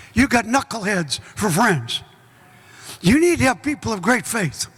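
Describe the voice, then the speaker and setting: A middle-aged man preaching a sermon as pastor, folksy and joking, bursting into shouts. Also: high voice, very animated, measured pace, husky. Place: large church hall. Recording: echoey church hall.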